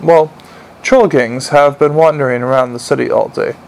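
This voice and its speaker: A man's voice: medium pitch, fairly even intonation, normal speed, creaky, lightly acted, poor audio. A man voicing an earnest, dutiful young watch captain who speaks politely.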